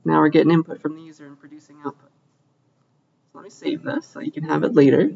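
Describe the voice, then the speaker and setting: An upbeat young man teaching a class, with a voice set a little higher than most men's. He keeps checking in with his listeners. The recording is dull and lo-fi, made in a lecture room. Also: level tone, fast talker, creaky, a little mellow, slight background noise. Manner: upbeat, asks checking questions often. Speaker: computer science lecturer.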